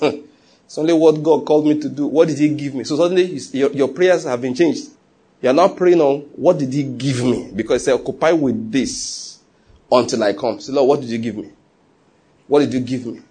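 A middle-aged man preaching a sermon, telling stories with animated quoted voices and frequent laughs. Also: mid-range voice, husky. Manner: animated storytelling, laughs often, acts out quotes. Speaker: pastor.

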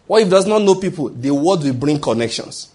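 A male preacher delivering a sermon in a husky voice. He speaks with emphasis and often throws a question to the congregation before answering it himself. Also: a little high, expressive, brisk, mellow.

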